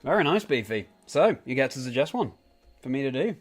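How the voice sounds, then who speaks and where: A man's voice: mid-range voice, sing-song, a little fast, breathy edge, soft background music. A man casually chatting on a live game stream, greeting viewers by name and answering their comments as he plays.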